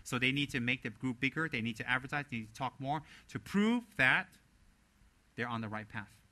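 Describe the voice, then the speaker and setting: A man's voice: mid-range voice, a little fast. A man giving a dharma teaching as a Buddhist teacher, emphatic and sarcastic, firing off rhetorical questions. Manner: lively and sarcastic.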